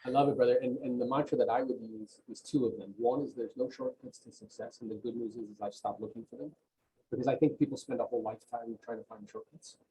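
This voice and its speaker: A man's voice: medium pitch, steady tone, quick pace, dark tone, a little hiss or hum, rough recording. A man giving an emphatic, motivational coaching talk on a video call, often checking in with "right?". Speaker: real estate coach, guest on a video call.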